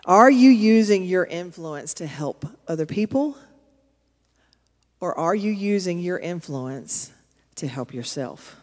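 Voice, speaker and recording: A woman's voice: fairly low pitch, expressive, takes it slowly. A woman pastor, preaching a sermon in a storytelling, conversational way with emphatic asides to her congregation. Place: church auditorium. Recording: long reverb of a large hall.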